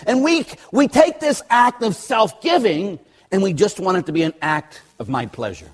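A husky older man preaches as a priest, his voice sitting a little high for a man. He tells blunt stories with dry humor and swings between loud and soft. The talk moves from teaching to anecdote. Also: expressive, moderate pace. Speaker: Catholic priest. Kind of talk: sermon with personal stories.

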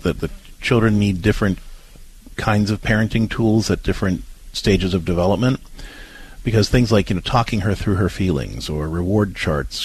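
A man with a lowish, husky voice talks through parenting advice on a talk show. He explains earnestly and patiently, often restarting his sentences as he thinks.

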